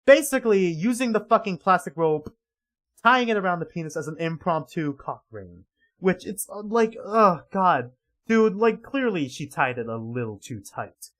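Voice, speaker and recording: A man's voice: sits high, lively intonation, normal speed, a bit bright. A man livestreaming casual reaction commentary, rambling and swearing heavily in an exasperated way.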